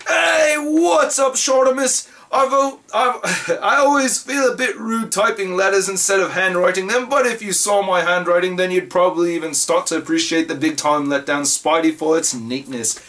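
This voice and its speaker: A man's voice: high-pitched, moderate pace, a bit bright. A man reading a fan letter aloud in a put-on British accent as a young British male fan, hesitant and self-aware about the accent. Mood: earnest.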